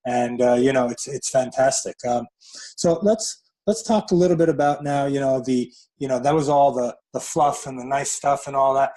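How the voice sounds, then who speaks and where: A man's voice: medium pitch, moderate pace, low-quality recording. Encouraging male interview host. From New York City. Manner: warmly encouraging, rambling with many fillers. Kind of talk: casual interview.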